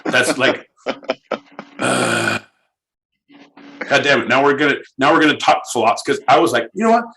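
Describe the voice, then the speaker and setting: A young man co-hosting a podcast, animated, jokey and a bit profane. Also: mid-range voice, moderate pace, vocal fry. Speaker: podcast co-host. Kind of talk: casual comedy chat.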